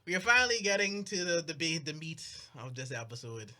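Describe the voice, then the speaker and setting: A man's voice: on the high side, brisk. A young man co-hosting a podcast, casually recapping a plot and acting out the characters' lines. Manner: animated storyteller, acts out characters' lines, frequent restarts. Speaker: podcast co-host.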